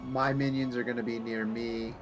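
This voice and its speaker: A man's voice: medium pitch, flat delivery, normal speed. A man playing in a tabletop game, a little hesitant and stammering as he starts. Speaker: player. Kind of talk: casual tabletop game chat. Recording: faint music behind.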